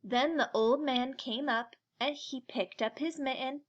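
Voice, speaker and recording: A woman reading a children's picture book aloud in a slow, gentle storytelling manner. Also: high voice, dull audio.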